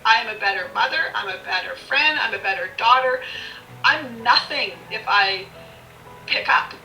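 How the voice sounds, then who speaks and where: Bright-voiced, blunt storytelling woman. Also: a little high, moderate pace. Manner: blunt and animated, swears freely, laughs often. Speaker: podcast guest. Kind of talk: candid personal storytelling. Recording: echoey room, distant mic, faint music.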